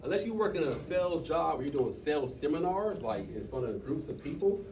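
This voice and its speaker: A man telling stories and coaching his team in an impromptu motivational talk, animated, with quick bursts and trailing asides. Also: a little high, far from the mic, slight background noise. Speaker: speaker at a team meeting.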